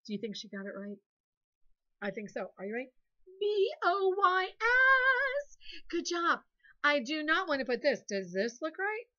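A woman, a second grade teacher giving a playful, animated phonics lesson to young children. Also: fairly high pitch, brisk, highs cut off.

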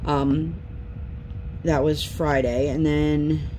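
Crafting at home, a woman in her thirties rambles cheerfully about her week in a low, slightly slow voice. She's a chatty craft vlogger with a lively storytelling style, and faint background noise can be heard.

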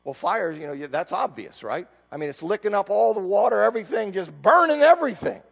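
A man's voice: sits high, animated, fairly quick, gravelly, dull audio. A man preaching an expository sermon, reading scripture and explaining it, with emphatic rising bursts. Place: church sanctuary. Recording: long church reverb.

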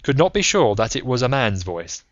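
Male audiobook narrator, measured reading, dry close sound, slightly dull lo-fi audio. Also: medium pitch, sing-song, dry recording. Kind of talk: scripted narration. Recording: slightly muffled lo-fi recording.

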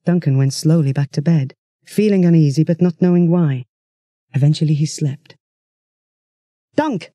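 A man's voice: a little high, moderate pace, no echo. A man reading a children's science fiction story aloud, telling it steadily. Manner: steady storytelling that shifts into character voices. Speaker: audiobook narrator.

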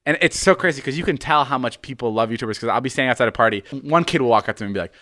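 A man's voice: mid-range voice, very fast, pushed and bright, no room sound, clean studio sound. A man hosting a podcast in casual chat, telling stories animatedly and acting out the voices of people he quotes. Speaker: podcast host.

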